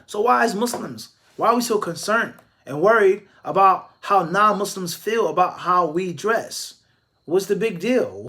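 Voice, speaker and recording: A man, an Islamic scholar, answering viewer questions live, explaining calmly with Arabic religious phrases and pressing his points with strings of rhetorical questions. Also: sits high, a little slow. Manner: emphatic, stacking rhetorical questions.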